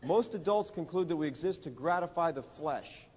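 A man's voice: on the high side, lively intonation, darkish tone, husky. Man preaching in an echoing hall. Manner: rising, emphatic delivery with dramatic pauses. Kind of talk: sermon with illustration story. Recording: dull audio in a reverberant hall.

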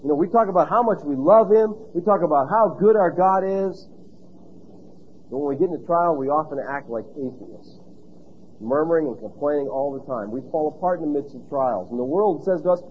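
A man's voice: on the high side, animated, a little fast, dull audio, a little hiss or hum. A male pastor preaching a sermon emphatically, stressing key points and asking rhetorical questions.

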